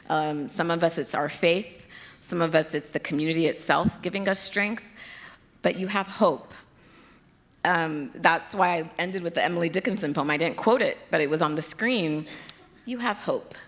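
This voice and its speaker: A woman's voice: on the low side, a bit bright, long reverb tail. A woman with a Nigerian accent, a pediatric hematologist answering questions at a conference, earnest and often laughing. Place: conference hall.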